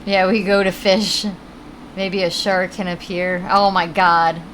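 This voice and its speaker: A woman's voice: fairly low pitch, little pitch movement, unhurried, a bit bright, a little hiss or hum, poor audio. A woman with a Connecticut accent, chatting casually and rambling while she plays a video game and answers her chat. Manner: chatty, rambling, reads chat aloud, swears now and then. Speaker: game streamer.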